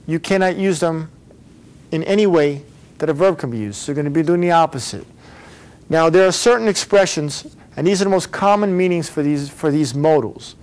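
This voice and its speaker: A man's voice: on the high side, darkish tone. A man teaching an English grammar lesson, patiently explaining and repeating model phrases for learners to say back.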